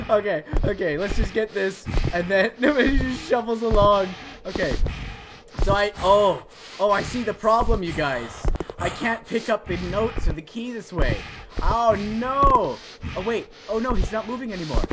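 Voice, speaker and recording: A let's play gamer commenting on a horror game, excitable and playful, shouting at scares and chatting to the figures on screen and to viewers. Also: mid-range voice, normal speed, background noise.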